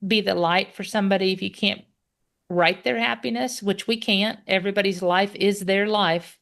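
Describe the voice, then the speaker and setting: A woman's voice: mid-range voice, steady tone, normal speed, gravelly, fairly bright tone. A middle-aged woman from Texas with a Texan accent, co-hosting a podcast in casual chat and telling stories cheerfully, laughing often. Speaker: podcast co-host.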